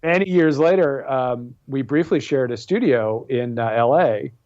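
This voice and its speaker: A man's voice: medium pitch, expressive, measured pace, darkish tone, no echo, muffled recording. A man in his forties, a comic book artist and writer guesting on an interview show, talking casually with many fillers and restarts. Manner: rambling, self-deprecating, many fillers and restarts.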